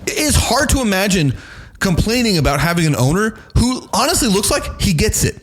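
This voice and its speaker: A man co-hosting a casual sports show, animated as he reads out prices and tweets. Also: high voice, brisk, breathy edge. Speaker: sports podcast co-host.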